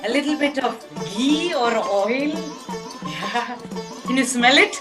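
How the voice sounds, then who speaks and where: A woman facilitating an online arts workshop, gently instructing and telling a story as she leads group voice exercises. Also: fairly high pitch, animated, slow pace, over loud music. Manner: storytelling narration with soft asides. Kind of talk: guided arts workshop over a webinar.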